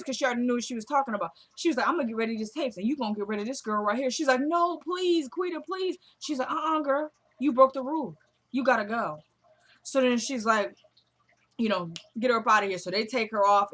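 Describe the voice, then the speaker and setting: A young woman casually recapping a TV episode, retelling scenes as quick quoted dialogue. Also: fairly high pitch, a bit bright.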